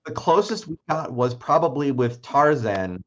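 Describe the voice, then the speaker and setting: A man's voice: medium pitch, animated, unhurried. Man hosting, on muffled lo-fi audio. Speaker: host, interviewer. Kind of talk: casual interview over video call.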